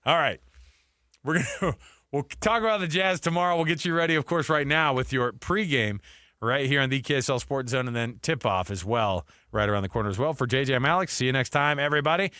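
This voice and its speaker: Wry, bright-voiced sports radio man. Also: mid-range voice, expressive, quick pace, clean tone, dry recording, studio quality. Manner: joking, wry, reads quotes aloud in mock voices. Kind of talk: casual sports radio banter. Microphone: studio microphone, dry.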